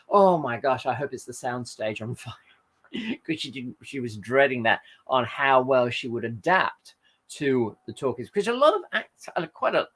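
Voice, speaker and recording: A mid-range, fairly bright voice belongs to a man hosting a live stream. He talks casually, reading viewer comments aloud and rambling. He often uses fillers and corrects himself in the middle of sentences.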